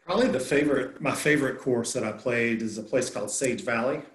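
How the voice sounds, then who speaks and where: A man's voice: mid-range voice, fairly quick. A man, a golfer, answering an interview question in an easygoing, casual way. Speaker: guest, golfer. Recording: echoey room.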